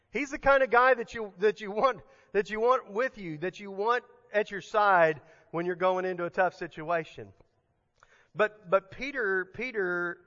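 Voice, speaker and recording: Male pastor, sermon, conversational and emphatic, sharp tone, dull lo-fi sound. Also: sits high, in a large hall. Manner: conversational, emphatic, frequent restarts.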